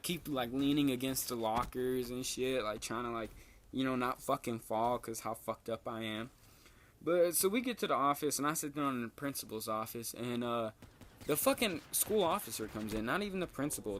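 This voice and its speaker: A young man is telling a story from his school days. His pitch is average, and he speaks in a loose, slangy way that is full of swearing. He keeps the story going with lots of filler words, and his voice leaps up when he acts out quoted lines. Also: fairly bright tone, slight background noise. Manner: laid-back slangy storytelling, swears a lot, jumps high for quoted lines. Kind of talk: casual storytelling.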